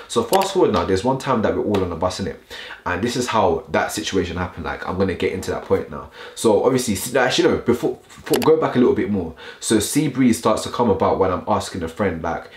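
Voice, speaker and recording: Talking quickly in a very low voice, a young man tells a storytime vlog stuffed with slang and remarks aimed at viewers. His intonation is lively, and the space around him adds a roomy echo.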